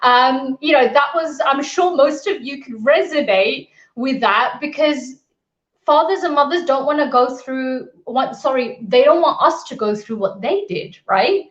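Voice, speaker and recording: Animated high-voiced woman on a roomy call. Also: measured pace. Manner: candid, energetic, storytelling with acted quotes. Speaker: guest speaker, business mentor. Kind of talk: virtual event talk. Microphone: video call. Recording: roomy, slightly dull audio.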